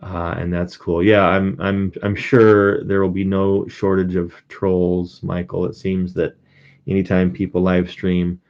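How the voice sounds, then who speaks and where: A man's voice: low voice, monotone, a little slow, highs cut off. A man casually chatting on a test live stream, rambling and greeting viewers by name, with frequent fillers and restarts. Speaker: streamer and coin collector.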